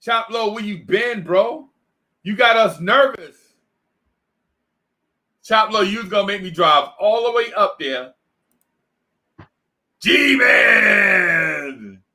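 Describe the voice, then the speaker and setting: Guy hosting a hoops stream, slow drawl, bright tense tone, lots of slang. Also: sits high. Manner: slang-heavy, drawn-out hype. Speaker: podcast host. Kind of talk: casual sports chat.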